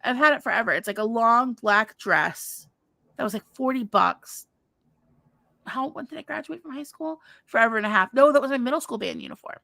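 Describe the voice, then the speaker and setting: A woman's voice: a little high, lively intonation, fairly quick, gravelly, sharp tone, no room sound. A woman co-hosting a podcast in casual chat, chatty, laughing often and trailing off mid-sentence. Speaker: podcast co-host.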